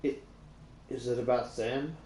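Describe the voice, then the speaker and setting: A man's voice: medium pitch, steady tone, unhurried, a little mellow, a little hiss or hum. A young Australian man casually reading and retelling a book, rambling with lots of fillers and restarts. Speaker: YouTuber reading a book aloud. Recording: roomy echo.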